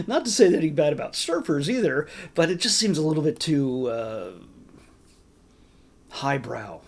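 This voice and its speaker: Man, casual film review, gravelly low voice, rambling with fillers and caveats. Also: sing-song, measured pace. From California. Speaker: movie reviewer, channel host.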